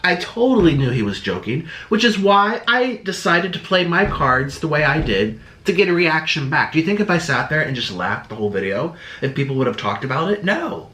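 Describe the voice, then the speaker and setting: A man's voice: on the high side, big pitch swings, fairly quick, hardly any pauses, sharp tone. A young man YouTuber talking casually to camera, rambling and defensive, slipping into sarcastic quoted voices. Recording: echoey room.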